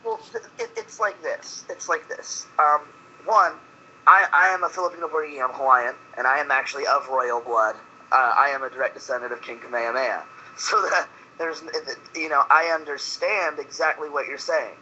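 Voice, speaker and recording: A man's voice: a little high, pushed and bright, lo-fi sound, a little hiss or hum. A man in casual talk, blunt and opinionated, swearing freely. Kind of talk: casual chat.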